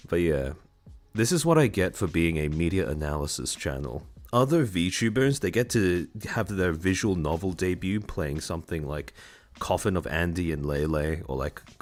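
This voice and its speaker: A man's voice: low-pitched, animated, a little slow. A man streaming live, chatting casually and wryly with his audience, with lots of fillers and laughter, recorded on a desk microphone at home. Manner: chatty, wry, laughs often, filler-heavy. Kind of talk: casual livestream chat.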